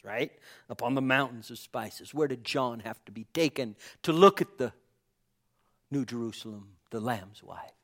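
A male pastor preaching a sermon with passion, swinging from loud calls to hushed whispers and repeating phrases with cries of amen. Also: mid-range voice.

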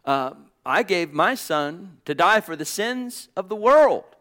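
A preacher voicing God, high and ringing. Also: male voice, animated, slow, fairly bright tone, heavily acted. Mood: proclaiming. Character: God speaking, a proclaiming divine voice.

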